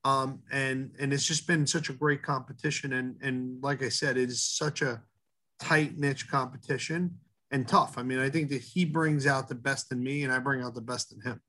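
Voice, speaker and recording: A middle-aged man, a head baker, talking earnestly in an interview, halting often with fillers and restarts. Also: mid-range voice, fairly even intonation, bright, forceful tone. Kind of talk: casual interview talk.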